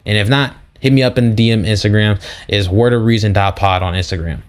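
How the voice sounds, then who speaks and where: A young man hosting a faith podcast, telling stories in a casual, slangy, animated way. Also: fairly low pitch, quick pace. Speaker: podcast host. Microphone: podcast mic.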